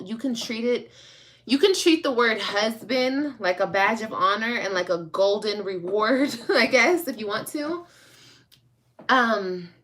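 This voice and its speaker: Frank, slow-talking woman vlogger. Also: medium pitch, a bit bright. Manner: frank and chatty, calls viewers babe and girl; rambling, with restarts. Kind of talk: casual livestream chat, answering viewer comments.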